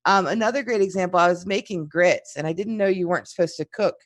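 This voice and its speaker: A woman's voice: fairly low pitch, quick pace, dry recording. Lady teacher, chatty, acts out the quotes, dry close sound. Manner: animated storyteller, acts out quotes. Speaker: psychology instructor. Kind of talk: casual chat.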